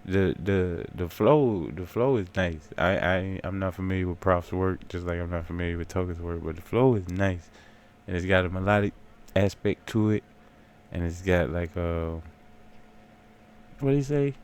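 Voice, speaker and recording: A man's voice: sits low, moderate pace, darkish tone, clean tone. A man in casual, profane reaction commentary on a rap song he is playing, talking loosely over the track. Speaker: music reaction host. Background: faint hip hop track playing.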